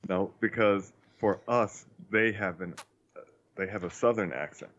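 A man's voice: on the low side, measured pace, fairly bright tone. A man telling family stories in a casual chat, chuckling as he goes. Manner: chuckles through his stories. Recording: dull lo-fi sound.

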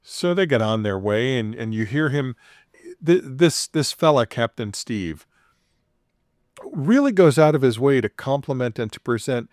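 A man's voice: medium pitch, unhurried, no echo, clean studio sound. A man casually retelling a story on a podcast, playfully acting out the quoted voices with chuckles. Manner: animated retelling, acts out quoted dialogue with chuckles.

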